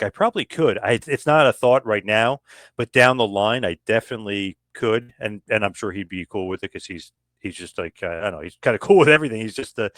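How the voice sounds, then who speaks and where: A man talking casually as a podcast guest about his book, animated and full of restarts and acted-out quotes. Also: mid-range voice, no room sound, studio quality.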